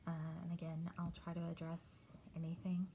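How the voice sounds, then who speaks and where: A middle-aged woman from Texas, talking candidly and haltingly in a personal video diary. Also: on the low side, monotone, mellow, a little hiss or hum, low-quality recording. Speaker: vlogger.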